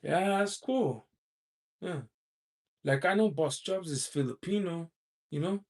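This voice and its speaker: A man hosting a loose livestream chat, with a gravelly, creaky edge to his voice. His tone is husky rather than clean. He rambles along, peppering his talk with "you know" and little chuckles as he reads viewer comments. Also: a little high, slow pace, darkish tone. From United States. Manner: chuckles often while talking.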